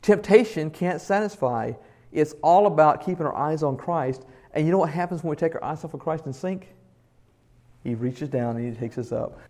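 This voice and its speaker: At normal speed, an earnest pastor with a somewhat high male voice preaches expressively. Loud, emphatic moments give way to quiet tones, and he asks the congregation questions along the way.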